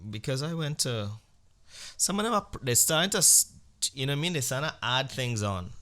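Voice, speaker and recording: Man, podcast host, crude comic storyteller, bright voice, animated. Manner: animated storyteller, acts out exchanges with sudden jumps in pitch and volume; blunt and crude.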